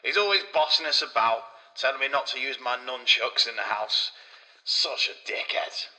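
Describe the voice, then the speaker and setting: A crude, bragging Renaissance sculptor rambles on in a comedy sketch, as a man puts him on. The voice is very bright and sharp, with a middling pitch. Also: moderate pace, rough recording. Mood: boastful.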